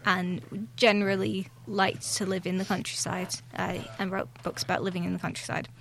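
A woman's voice: medium pitch, level tone, normal speed, gravelly. A woman hosting a radio show in casual chat, running through birthdays. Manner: chatty, reads out birthdays.

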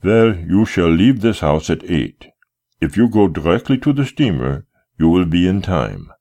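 A man voicing a calm, courteous captor. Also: low-pitched, heavily acted. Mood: calmly courteous. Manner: courteous, unhurried, unmoved. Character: calm polite man detaining a guest.

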